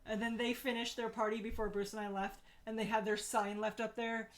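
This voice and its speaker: A woman co-hosting a beer and comics stream, casual and giggly, laughing often and breaking into playful shouts. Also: on the high side, flat delivery, a little fast. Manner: playful, loud bursts of shouting. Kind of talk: casual chat.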